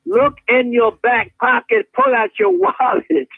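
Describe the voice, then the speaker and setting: Preacherly male guest on a phone line, high and gravelly, voice swooping all over. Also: lively intonation, unhurried, no room sound. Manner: preacherly, acts out scenes with many voices, laughs often. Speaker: guest activist. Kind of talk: impassioned talk-show preaching. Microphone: phone call. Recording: tinny phone line, dry.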